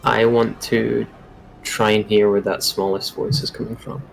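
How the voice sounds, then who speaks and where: Low-voiced man playing a tabletop game. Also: little pitch movement, measured pace, creaky, soft background music, low-quality recording. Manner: casual, earnest, explaining his plans. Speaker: player.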